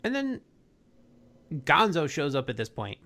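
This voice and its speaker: A man's voice: a little high, wildly swooping pitch, unhurried, sharp tone. A man co-hosting a podcast, casually recapping a cartoon episode with jokes and quoted voices. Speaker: podcast co-host.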